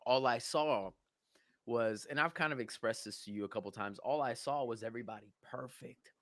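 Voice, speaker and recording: A young man from Honduras co-hosting a podcast, talking in a casual, animated way with lots of swearing and restarts. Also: mid-range voice, moderate pace, no room sound. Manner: animated, swearing, repeats himself. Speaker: podcast co-host. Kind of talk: casual chat.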